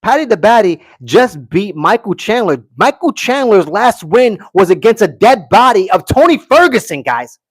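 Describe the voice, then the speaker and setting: A high-pitched, animated man with a fairly bright tone speaks at normal speed in a dry recording. As a livestream host, he delivers brash, opinionated commentary on a fight, reads chat comments aloud and responds, often saying "okay" and "guys."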